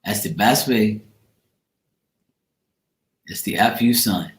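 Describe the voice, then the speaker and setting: A man's voice: fairly low pitch, slow, roomy sound. A man from Bermuda with a Bermudian accent, rambling in slangy, profane casual chat as he hosts a livestream. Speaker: livestream host.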